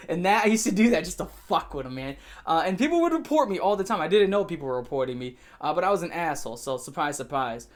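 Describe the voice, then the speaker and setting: A man's voice: fairly high pitch, very animated, fast talker, hardly any pauses. Brash swearing New guy ranting. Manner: brash, swearing, boastful, swings between mumbling and shouting. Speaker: YouTuber. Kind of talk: profane storytime rant.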